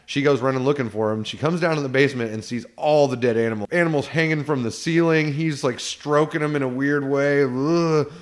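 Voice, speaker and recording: A man co-hosting a casual review chat, retelling scenes and swearing freely. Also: mid-range voice. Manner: retells scenes with quick put-on character voices, swears often. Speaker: podcast co-host reviewing a horror episode.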